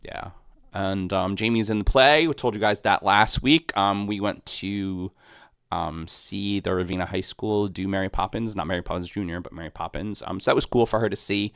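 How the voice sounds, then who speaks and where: A man's voice: sits low, normal speed, vocal fry, a bit bright, clear, resonant tone, no room sound, studio quality. A middle-aged man co-hosting a casual podcast chat, joking and rambling with plenty of fillers. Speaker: co-host.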